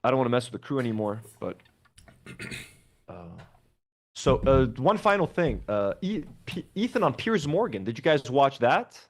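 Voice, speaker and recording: Brief: casual male streamer, lively pitch, loose and profane. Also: moderate pace, a little hiss or hum. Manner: animated, swearing, lots of fillers. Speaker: livestream co-host. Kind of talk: casual reaction stream chat.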